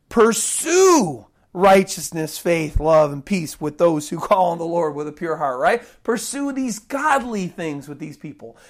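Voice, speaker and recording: Woman preaching, earnest, acts out little prayers and rude comebacks. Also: mid-range voice. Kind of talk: sermon.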